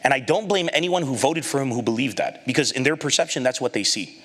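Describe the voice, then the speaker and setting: A comedian giving an animated storytelling talk, acting out the people in his anecdotes and laughing at his own lines. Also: mid-range voice, fast.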